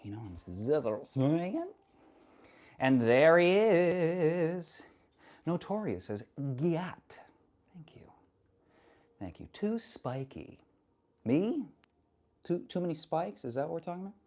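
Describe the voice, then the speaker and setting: A woman's voice: deep voice, very animated, measured pace, pauses often, dark tone, slightly rough. A woman streaming a workout, chatting casually with viewers, wry and profane, teasing chat and straining between sets. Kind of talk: casual livestream chat while working out.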